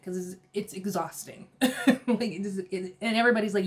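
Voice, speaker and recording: A young adult woman talks through a reality show episode in a casual, gossipy recap. Her voice sits at a middle pitch, and she keeps it lively by acting out what each cast member said and laughing along. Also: brisk. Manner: chatty, animated retelling with frequent laughs and quoted voices.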